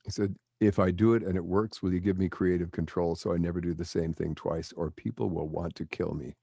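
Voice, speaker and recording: Deep-voiced older man telling stories. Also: brisk, gravelly, slightly rough, no echo, studio quality. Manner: animated storyteller acting out quotes. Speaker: guest, broadcaster. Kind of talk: storytelling interview.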